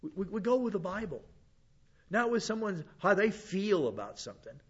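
A man's voice: high voice, very animated, normal speed, a bit bright, husky, highs cut off. Blunt, folksy preaching man. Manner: blunt, conversational preaching with repeated restarts. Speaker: pastor teacher. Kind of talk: sermon.

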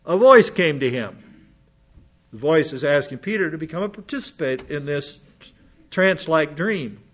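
A man's voice: a little high, lively intonation, normal speed, breathy edge, lo-fi sound. A man preaching a Bible lesson, reading passages and breaking off into conversational asides to his listeners. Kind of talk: Bible teaching sermon.

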